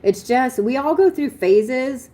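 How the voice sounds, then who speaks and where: Her voice sits high and animated but has a dark tone, and she takes her time as this young woman reads astrology charts on a live stream. She's blunt, swearing and laughing often.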